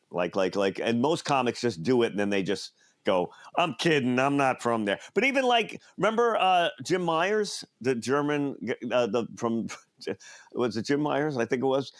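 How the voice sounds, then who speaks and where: A man's voice: medium pitch, no room sound, clean studio sound. A male comedian co-hosting a podcast, chatting casually and telling rambling stories full of restarts. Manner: rambling storyteller, restarts and riffs on bits. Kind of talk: casual chat.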